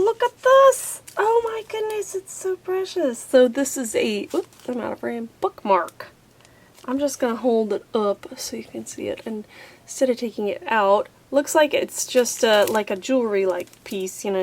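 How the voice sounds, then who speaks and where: A chatty woman with a slightly high voice unboxes craft supplies at a table, thinking aloud with plenty of ums and little gasps of delight. There's a faint hiss under her voice. She sounds relaxed and easily pleased. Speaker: craft vlogger unboxing a subscription box. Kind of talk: casual unboxing chat.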